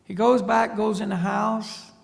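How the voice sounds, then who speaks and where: A man's voice: high-pitched, level tone, a little slow, vocal fry, in a large hall. A man, a spiritual teacher, telling a story in a lecture to an audience and often checking in with a questioning "see?". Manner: tags points with a questioning "see?".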